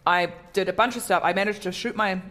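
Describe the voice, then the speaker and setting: A woman's voice: mid-range voice, fast talker, a bit bright. A woman comedian chatting casually in an interview, talking in a self-deprecating way with many fillers and restarts. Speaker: comedian guest.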